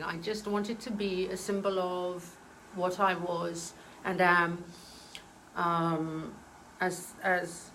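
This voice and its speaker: A woman's voice: lowish voice, fairly bright tone, a little hiss or hum, rough recording. Earnest woman telling a spiritual story. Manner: earnest, hesitant with many ums, emotional. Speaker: spiritual medium. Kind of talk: casual storytelling.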